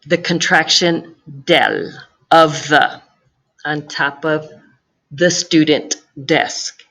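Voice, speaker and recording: A woman gives a recorded grammar lesson. She speaks slowly and patiently, with a somewhat low voice. She repeats each key phrase so it sinks in. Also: a bit bright. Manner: slow, patient explaining with careful repetition. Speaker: Spanish teacher.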